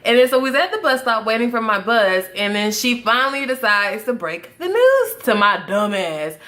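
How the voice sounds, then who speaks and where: Speaking at normal speed in a slightly high voice, a young adult vlogger shares a casual storytime with her viewers. Her delivery is animated and full of profanity, punctuated by laughing asides.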